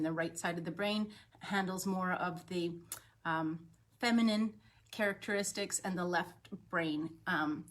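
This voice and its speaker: A woman who is a holistic health coach, giving a gentle, chatty live talk on breathing, with frequent ums and restarts. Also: on the low side, vocal fry. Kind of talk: daily live wellness talk. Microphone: webcam on a live stream.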